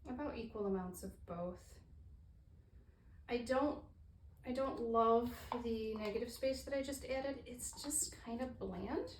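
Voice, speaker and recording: A woman's voice: on the high side, unhurried. Chatty woman painter thinking aloud. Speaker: fluid art painter demonstrating. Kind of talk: casual painting tutorial. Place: roomy art studio. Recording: echoey room with faint ambient hiss.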